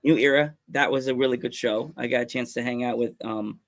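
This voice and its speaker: A man hosting a wrestling podcast, telling stories in a casual, excitable way, often stumbling over his words and laughing. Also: mid-range voice, brisk. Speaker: podcast host. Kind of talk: casual chat, storytelling.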